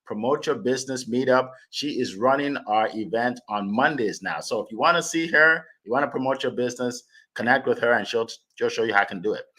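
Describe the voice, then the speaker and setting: Man, online meetup host, upbeat and chatty, forceful bright tone, video call sound. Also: mid-range voice, a little fast. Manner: upbeat, chatty, repeats phrases. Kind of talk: casual online meetup hosting.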